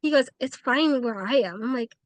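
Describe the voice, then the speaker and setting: A woman paranormal investigator telling stories in a casual interview, animated and acting out quoted dialogue. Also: high voice, moderate pace, no echo.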